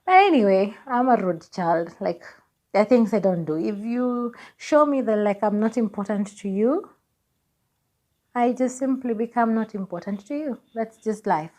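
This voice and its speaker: A young Kenyan woman in her twenties telling a personal story on her vlog, lively and laughing as she acts out what people said. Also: on the high side, normal speed. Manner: animated, laughing, acts out dialogue. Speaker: vlogger.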